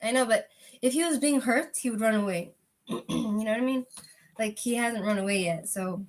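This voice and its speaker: A woman hosting her own tarot channel, chatting casually and rambling, with lots of "like" and frequent throat clearing. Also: fairly high pitch, normal speed. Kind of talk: casual livestream chat.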